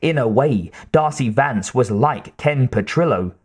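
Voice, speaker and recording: A man reading an audiobook in a measured, even scripted narration. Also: medium pitch, breathy edge.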